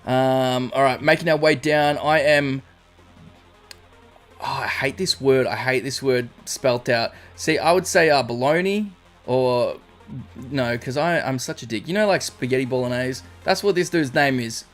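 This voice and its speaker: A man's voice: mid-range voice, measured pace, fairly bright tone. An Australian man with an ordinary mid-range voice chats casually on a live stream. He greets viewers one by one and wanders off into loose, rambling stories. Faint music plays behind him. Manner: chatty, greets chatters by name, rambling storytelling.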